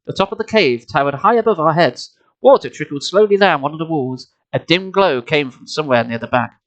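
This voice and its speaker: A man's voice: a little high, expressive, a little fast. Man narrating a storybook live. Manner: playful, self-mocking asides between narration. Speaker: streamer reading aloud. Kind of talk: live storybook reading with asides. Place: home streaming setup. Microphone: desk mic, laptop.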